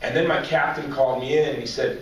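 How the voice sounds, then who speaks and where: A man in his forties giving a humorous personal story speech at a banquet, as an animated, joking storyteller. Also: mid-range voice, fast talker. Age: 40s. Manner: joking, animated storyteller drawing audience laughs. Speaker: banquet speaker. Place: large banquet hall with audience. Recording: echoey hall, distant mic, faint noise.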